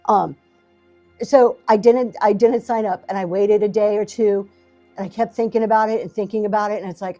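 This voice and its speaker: Chatty middle-aged woman livestreaming, mellow voice. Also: mid-range voice, steady tone, moderate pace, faint music behind. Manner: rambling, self-deprecating, encouraging, many fillers. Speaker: livestream seller and talk show host. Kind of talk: casual livestream chat to viewers. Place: home basement. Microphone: camera in front of her.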